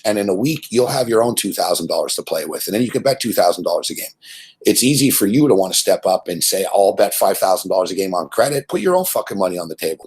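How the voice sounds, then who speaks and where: A man's voice: lowish voice, lively intonation, fast, darkish tone, breathy edge. A man hosting a sports betting show, ranting in a blunt, profane, rambling way about gambling on credit.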